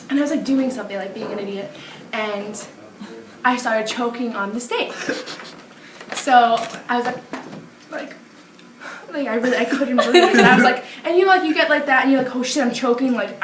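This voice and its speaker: A woman's voice: fairly high pitch, fairly quick, long pauses, a crowd in the background. A young woman telling a story in casual chat, rambling with many filler words and laughing as she goes. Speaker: podcast co-host. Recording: echoey room, distant mic, loud hiss and clicks.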